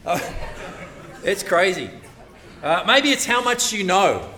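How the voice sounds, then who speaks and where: A man preaching a sermon, animated and conversational, often acting out the voices of churchgoers. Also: high-pitched, slow pace, recorded from a distance.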